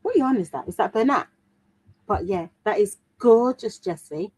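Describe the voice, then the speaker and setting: A woman's voice: mid-range voice, expressive, moderate pace, darkish tone, slight background noise, rough recording. An adult woman from the UK hosting a crafting livestream, chatting casually and reading out viewer comments with plenty of fillers and restarts. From United Kingdom. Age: adult, mother of a daughter. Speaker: livestream host.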